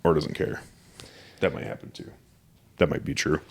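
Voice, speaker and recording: Co-host, young adult man, very low voice, loose and profane, acts out quotes. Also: fairly even intonation, moderate pace, slightly rough. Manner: swears freely, acts out quotes. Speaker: podcast co-host. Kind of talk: casual chat.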